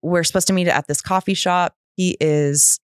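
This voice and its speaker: A woman in her thirties, a podcast guest telling a candid personal story and acting out the voices of others with lively pitch jumps. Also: moderate pace, smooth, dry recording, clean studio sound. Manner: animated, acts out quoted voices with pitch jumps.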